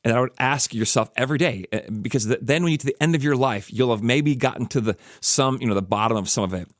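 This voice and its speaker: A man's voice: mid-range voice, quick pace, no echo, studio quality. A man hosting a reflective podcast, telling a story casually with lots of "like" and "you know". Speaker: podcast host.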